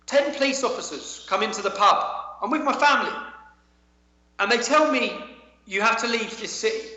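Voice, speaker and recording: A man's voice: very high-pitched, pushed and bright. A man, telling a guest's heated account, emphatic and repeating his words. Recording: echoey, dull-sounding audio.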